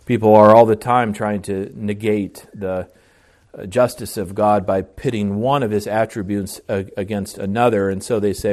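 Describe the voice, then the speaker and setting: A man's voice: fairly low pitch, steady tone, moderate pace, darkish tone. A man preaching a sermon as pastor, earnest, with restarts and swells of volume on key phrases.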